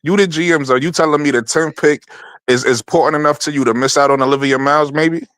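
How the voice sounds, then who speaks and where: A man's voice: fairly high pitch, fairly even intonation, fast talker, fairly bright tone, clean tone, dry recording. A man hosting a casual sports debate, insistent and interrupting, pressing for a direct answer.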